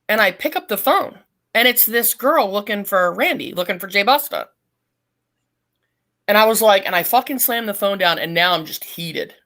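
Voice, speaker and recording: A woman's voice: mid-range voice, pushed and bright. Blunt, profane woman telling stories. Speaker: guest. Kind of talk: casual storytelling.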